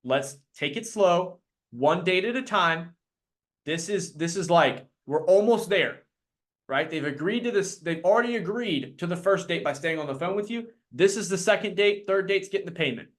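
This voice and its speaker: His voice sits high as he leads a live talk on sales training, full of energy and quick to mimic clients with put-on voices.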